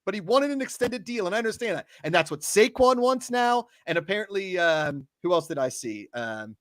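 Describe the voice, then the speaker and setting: A man's voice: sits high, animated, fairly quick, no echo, studio quality. A man co-hosting a sports talk show, ranting animatedly and swearing now and then. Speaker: podcast co-host. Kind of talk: casual sports chat.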